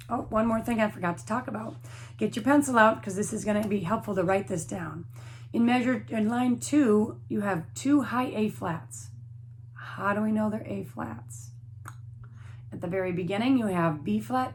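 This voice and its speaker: A woman teaches a flute lesson to young students in a patient, encouraging way. She explains each step clearly, with a mid-range voice. A faint hiss sits under the recording. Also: mid-range voice.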